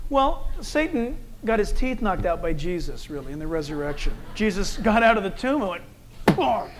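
A man preaching a sermon, animated and conversational, acting out quoted people and telling stories. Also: sits high. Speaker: pastor.

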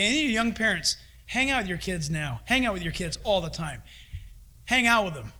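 Middle-aged man preaching; high, forceful, bright delivery, animated quotes. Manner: animated, acts out voices of God and his kids. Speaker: pastor. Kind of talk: sermon.

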